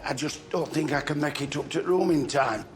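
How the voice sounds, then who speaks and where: A man's voice: on the high side, fairly quick, close to an everyday voice. An actor playing a crude, pleading man desperate for the toilet in a sitcom. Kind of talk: sitcom acting.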